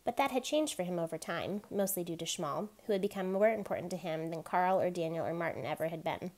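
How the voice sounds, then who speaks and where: A woman reads a novel aloud in a voice pitched a little low. She keeps a gentle, even storytelling manner and gives each character a light touch of their own voice. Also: quick pace. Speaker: reader.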